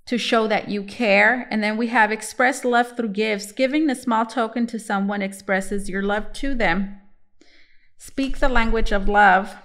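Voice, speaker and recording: A woman's voice: fairly high pitch, fairly bright tone. A chatty young woman talks through a tarot reading in an easygoing way. She often stops and restarts her sentences and fills the gaps with little fillers. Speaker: tarot reader. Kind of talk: casual tarot reading to camera.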